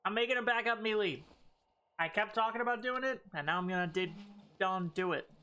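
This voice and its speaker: A woman's voice: medium pitch, brisk, pushed and bright. A woman streaming a game, chatting casually with a playful, sarcastic manner and loose swearing. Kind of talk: casual gaming stream chat.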